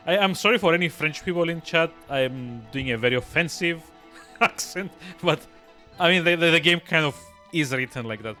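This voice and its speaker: A man doing live let's-play commentary, bouncing between excited outbursts and quick mutters to himself, laughing often. His voice is bright and forward, with very animated pitch. Game music plays faintly behind him. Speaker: streamer.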